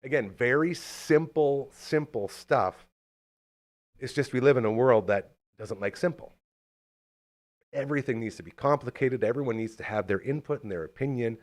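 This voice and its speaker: A man hosting a podcast in casual chat, talking in an animated, fired-up, rambling way. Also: mid-range voice, moderate pace. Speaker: podcast host.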